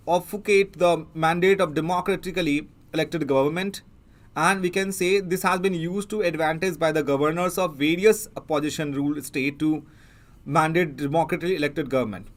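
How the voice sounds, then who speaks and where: A man with an Indian English accent teaching an exam prep lesson, explaining as he goes and pausing often with fillers and restarts. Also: a little high. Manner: halting, many fillers and restarts. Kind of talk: newspaper analysis lecture.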